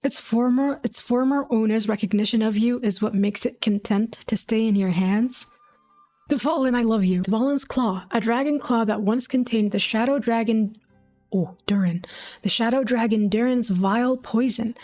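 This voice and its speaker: A woman's voice: a little high, moderate pace, hardly any pauses, dark tone, soft background music. A woman reading game lore aloud to her viewers, with gushing, affectionate asides between entries. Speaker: gaming video creator.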